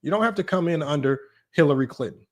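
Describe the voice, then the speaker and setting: A young man talking off the cuff on a home livestream, reading out viewer messages. He is mocking and animated, and his slightly high voice jumps even higher when he can't believe what he's hearing. He sounds close to a desk microphone. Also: fast talker. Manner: animated, mocking, rises sharply when incredulous. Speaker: sports talk livestream host. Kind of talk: casual livestream chat reading super chats.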